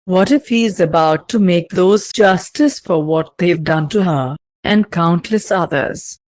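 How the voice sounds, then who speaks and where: Woman story reader, unhurried and even, low pitch. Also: no echo. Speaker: story narrator. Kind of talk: reading fan fiction aloud.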